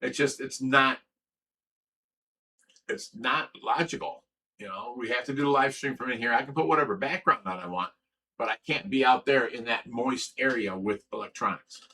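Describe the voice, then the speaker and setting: A man's voice: mid-range voice, normal speed, sharp tone, a little hiss or hum, poor audio. An older man from Ohio hosting a fish rescue livestream, chatting casually and reading viewer comments with a rambling, restarting way of talking. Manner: rambling, restarts sentences, swears when angry. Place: indoor room away from the fish room.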